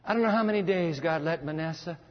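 A male preacher delivering a dramatic sermon, swinging between booming lines and hushed ones. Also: fast talker. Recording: lo-fi sound in a long-reverb hall.

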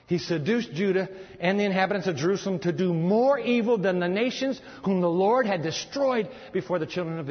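Male preacher, high husky voice, wildly animated, dramatic sermon, long hall echo. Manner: dramatic, swings between booming and hushed. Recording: lo-fi sound in a long-reverb hall.

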